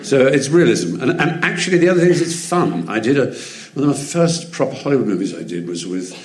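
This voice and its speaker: A man's voice: medium pitch, lively intonation, fast talker, darkish tone. An English man, an interview guest, telling theatrical anecdotes articulately, with frequent ums. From England. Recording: roomy echo.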